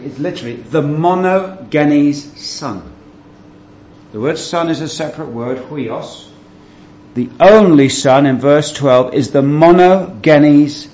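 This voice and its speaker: A man's voice: a little high, lively intonation, slow, darkish tone, slight background noise. Emphatic man teaching the Bible, dull recording. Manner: emphatic, stretches key words and asks rhetorical questions. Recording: dull lo-fi recording with faint ambience.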